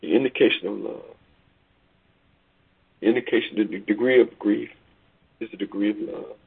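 A man preaching a sermon over a call, rising and falling in pitch and volume and repeating phrases for emphasis. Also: normal speed, gravelly, slightly rough. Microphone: phone call. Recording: tinny phone line.

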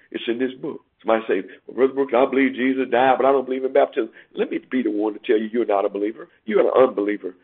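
A man preaching a sermon, emphatic, repeating phrases and rising sharply in pitch to stress his points. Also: creaky, slightly rough. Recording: tinny phone-like radio broadcast.

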